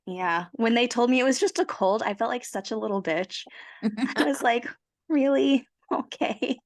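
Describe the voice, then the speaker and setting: Woman, hoarse from a cold, young adult, podcast co-host, chatty, self-mocking. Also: on the high side, normal speed. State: hoarse, losing her voice from a cold. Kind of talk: casual chat.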